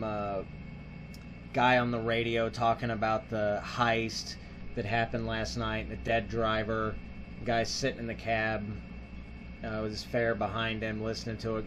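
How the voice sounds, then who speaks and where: A man's voice: on the low side, background noise. Rambling man retelling a film plot. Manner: rambling, filler-heavy, acts out the characters' lines. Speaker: host. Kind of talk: casual film review.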